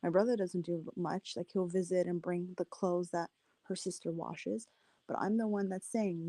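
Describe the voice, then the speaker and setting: A woman's voice: on the low side, steady tone, moderate pace, warm tone, dry recording. A woman in her thirties who grew up near Boston and lives in Canada, chatting casually with many "like" fillers and a light Boston accent. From Boston area, later Canada. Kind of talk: casual chat.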